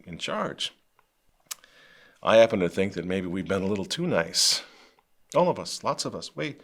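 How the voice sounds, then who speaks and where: Fiery middle-aged man hosting commentary. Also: medium pitch. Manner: fervent, swings from quiet intensity to loud outrage. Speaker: show host. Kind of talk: impassioned commentary.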